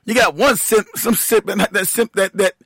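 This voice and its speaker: Male host for a profane stream rant. Heated, laughs a lot, high for a man, dry sound. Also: steady tone, moderate pace, fairly bright tone, no room sound. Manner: heated, profane, laughing often, trailing off while fiddling with his computer. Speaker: show host, military veteran.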